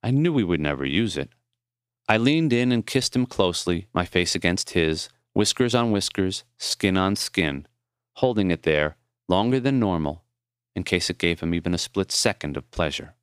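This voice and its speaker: Man reading his own memoir audiobook, smooth resonant voice, dry close studio sound. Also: low-pitched, expressive, no echo. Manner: measured, tender storytelling. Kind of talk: audiobook narration.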